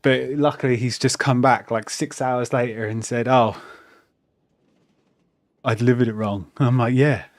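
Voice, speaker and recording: A man's voice: medium pitch, steady tone, normal speed, pauses often. A man streaming a video game, chatty commentary that rambles and swears. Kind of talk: casual let's-play commentary.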